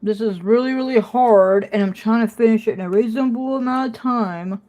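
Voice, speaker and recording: A woman's voice: fairly high pitch, brisk, mellow. A woman chatting casually on a phone livestream at home, talking to viewers and scolding her dog in between. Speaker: puzzle live streamer.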